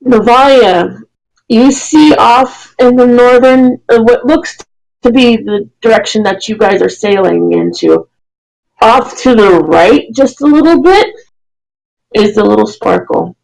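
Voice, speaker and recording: Gravelly dungeon master. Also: medium pitch, lively intonation, darkish tone, rough recording. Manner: halting, self-correcting narration. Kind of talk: narrating a tabletop game.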